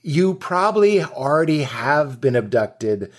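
A man's voice: a little high, a little slow. A man, a comedian guest on a podcast, chatting casually and telling stories with lots of acted-out quotes and laughter. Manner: animated storytelling, acts out quotes, laughs often.

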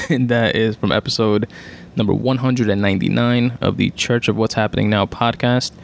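A man's voice: lowish voice, steady tone, normal speed, creaky, a little hiss or hum. A man casually reading out podcast excerpts with commentary, offhand and profane, with filler words. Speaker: podcast host reading quotes.

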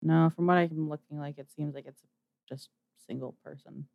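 A co-host from Canada in a casual game chat, with a voice of middling pitch. The delivery is wry and teasing with a deadpan edge. The sound is dry and close. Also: normal speed, creaky, no room sound. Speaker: podcast co-host reviewing games.

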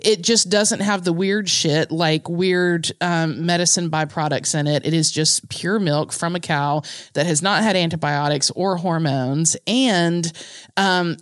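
Chatty female podcast co-host, lowish voice. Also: dry recording. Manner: chatty, storytelling, filler-heavy. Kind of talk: casual chat.

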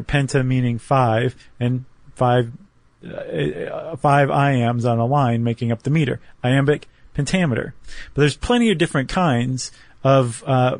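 A man's voice: medium pitch, no echo. A man co-hosting a podcast, explaining things step by step in casual chat with small self-deprecating jokes. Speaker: podcast co-host.

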